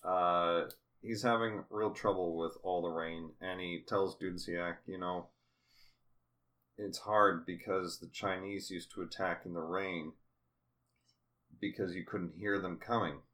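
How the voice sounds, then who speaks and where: Man, casual recap chat, low-ish voice, bright and forceful tone. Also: steady tone, a little slow. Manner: chatty, acts out scenes in put-on voices. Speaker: podcast co-host.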